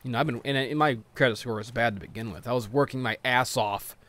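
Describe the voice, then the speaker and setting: A man's voice: mid-range voice, quick pace, a bit bright. Grumbly, profane gameplay commentator, man.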